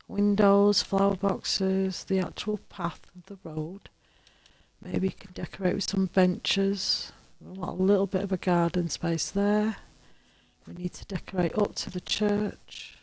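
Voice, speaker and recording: A woman's voice: medium pitch, little pitch movement, unhurried, gravelly, darkish tone, no echo. A woman chatting casually to her viewers as she plays a building game and talks to the characters. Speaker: gaming streamer. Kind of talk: casual gameplay commentary.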